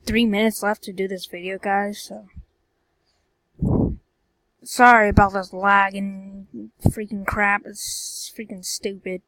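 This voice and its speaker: A woman's voice: mid-range voice, level tone, takes it slowly, long pauses, fairly bright tone, no room sound. A woman giving casual gameplay commentary, rambling and often exclaiming and grumbling as she plays. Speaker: gameplay video creator.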